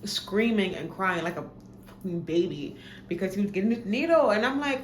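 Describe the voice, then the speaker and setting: A woman's voice: medium pitch, moderate pace. A young adult woman, animatedly telling a profane personal story in a casual storytime. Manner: animated, profane, dramatic retelling. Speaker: storytime vlogger. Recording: echoey room, faint background noise.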